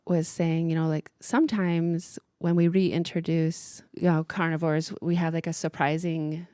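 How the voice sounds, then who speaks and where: A woman with a somewhat low voice talks through ideas earnestly, often restarting her sentences. Her casual radio-show delivery sounds dry and close, with no room around it. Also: little pitch movement, measured pace, mellow, clean tone, no echo. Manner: earnest, explanatory, many restarts. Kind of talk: casual discussion.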